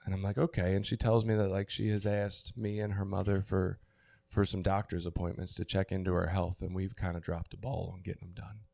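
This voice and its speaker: A middle-aged man talks candidly on a recovery podcast in a gravelly, mellow voice that sits a little low. He gropes for words, restarts, and swears casually. The sound is dry and close. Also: little pitch movement, fairly quick, dry recording. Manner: open, searching, stops and restarts, swears. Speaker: podcast co-host.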